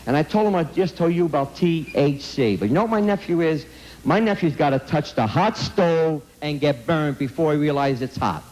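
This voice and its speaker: Addressing a school audience, a man with a slightly high and somewhat mellow voice speaks bluntly and emphatically against drugs. His phrasing is street-smart, he says things more than once, and he pointedly questions the students; the recording quality is low.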